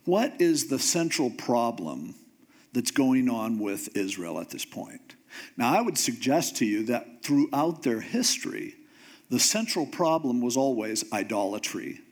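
A man preaching a sermon in a casual, conversational way, acting out the voices of the people in the story he retells. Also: medium pitch. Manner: animated storytelling, acting out voices of God and Moses; conversational, informal phrasing. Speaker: pastor.

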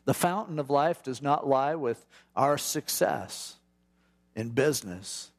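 A middle-aged man teaching from a Bible passage in a relaxed, conversational way, acting out prayers in quick asides. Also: mid-range voice. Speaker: pastor.

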